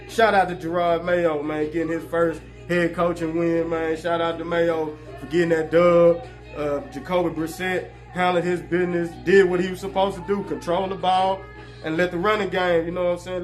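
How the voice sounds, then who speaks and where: High-voiced joking sports talk host. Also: male voice. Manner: animated, joking, heavy slang. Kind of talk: casual sports commentary.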